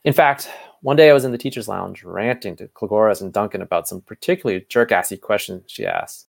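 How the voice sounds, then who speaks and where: In a lowish, gravelly voice and a brisk pace, a man casually reads a fan story out loud, narration and dialogue included, making small slips and fixing them as he goes.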